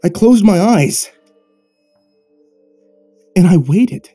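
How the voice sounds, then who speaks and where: A man narrates a first-person horror tale in a mellow, darker voice, building tension with dramatic pauses. He tells it as the host of his own story channel. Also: high-pitched, expressive, husky, soft background music.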